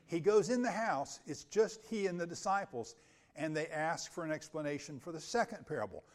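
Male preacher, fairly high voice, orderly expository sermon, reads scripture then breaks it down with repeated phrases. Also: animated, moderate pace. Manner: methodical, repeats key phrases for emphasis; occasional restarts when speaking off the cuff.

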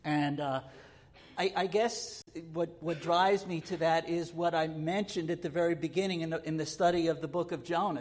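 A man preaching a sermon in a halting, thinking-aloud way, often repeating words as he goes. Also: on the high side, fairly even intonation.

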